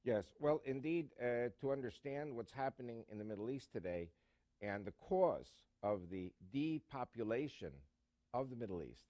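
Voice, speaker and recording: A man's voice: mid-range voice, expressive, normal speed, dark tone, dry recording. A man answering questions as a guest in an interview, emphatic and full of fillers and jokes.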